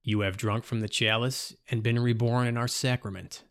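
A man voicing a robed cult leader who intones ritual words slowly and solemnly. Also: on the low side, no room sound, studio quality.

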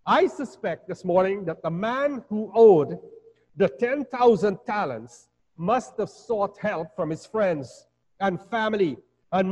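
A man preaching a sermon as pastor, measured and building to emphatic peaks. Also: high-pitched, darkish tone. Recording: dull sound with long hall reverb.

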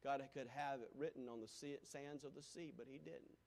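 A man preaching a sermon, folksy and repetitive, rising to loud calls and dropping to near-whispers. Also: medium pitch, fairly even intonation, moderate pace, vocal fry. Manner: folksy, repeats lines for emphasis. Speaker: pastor.

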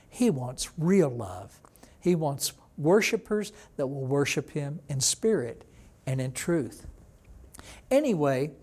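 A man's voice: fairly high pitch, darkish tone. A man who is a pastor, preaching a conversational sermon and retelling a Bible story, acting out the people in it. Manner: plain, conversational teaching.

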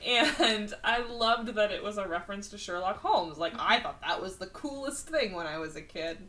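A woman co-hosting a podcast, chatting casually about an animated film, self-mocking and laughing often. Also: medium pitch, moderate pace, distant mic, rough recording. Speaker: podcast co-host.

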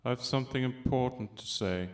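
A man voicing a languid, contemptuous hookah-smoking caterpillar in a storybook reading, with a slow, sleepy, terse drawl. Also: medium pitch, close to an everyday voice. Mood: calling. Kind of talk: storybook character voice.

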